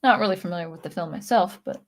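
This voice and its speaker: A woman's voice: on the low side, fast. A woman hosting a casual livestream, talking in a rambling, earnest way, repeating words as she goes and sounding indignant at times. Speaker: channel host. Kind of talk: casual livestream chat reading viewer comments.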